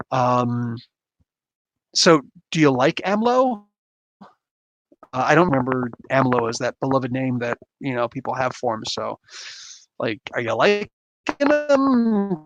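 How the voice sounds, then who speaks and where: A man's voice: mid-range voice, very animated, normal speed, no echo. A man hosting a casual livestream, rambling and chuckling as he reacts to chat comments. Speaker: livestream host reading chat.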